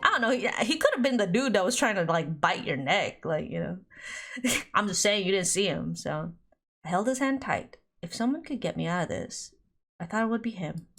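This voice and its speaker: With faint music in the background, a woman reads a visual novel aloud on stream in a medium-pitched, expressive, slightly bright voice at normal speed. She laughs a lot and keeps up giggly, chatty asides in a casual let's-play style.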